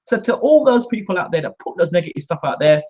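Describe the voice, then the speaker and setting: The voice is high, a little mellow, expressive and fast. It belongs to a British man hosting his own channel, launching into an indignant, combative rant to camera where he repeats points, all recorded with dull lo-fi sound.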